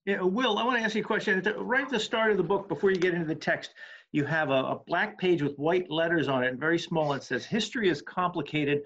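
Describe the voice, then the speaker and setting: A man's voice: sits high, fast, a bit bright, muffled recording. A man asking questions as the interviewer.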